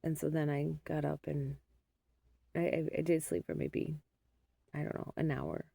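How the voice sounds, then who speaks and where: A middle-aged woman talks through a casual vlog after almost no sleep. She rambles in a weary, unguarded way. Her voice is low, gravelly and mellow, and the sound is dry and close. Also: steady tone, a little slow, no echo. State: sleep-deprived. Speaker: mother vlogging.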